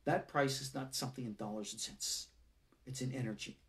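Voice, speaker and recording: A man's voice: medium pitch, a little fast, vocal fry, a bit bright. A middle-aged man, a rabbi, giving a live-streamed lecture in an earnest, emphatic, exhorting way. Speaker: rabbi teaching an online class.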